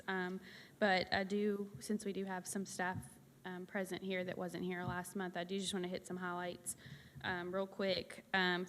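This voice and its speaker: A woman's voice: medium pitch, fairly bright tone. A woman giving a finance staff report at a town board meeting, matter-of-fact and peppered with ums. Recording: reverberant meeting hall with light room noise.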